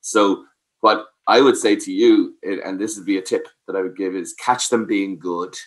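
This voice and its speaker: A man with a deep voice, fairly even intonation, and moderate pace gives parenting advice as an expert. He explains patiently and makes sure the listener is following, asking "does that make sense?"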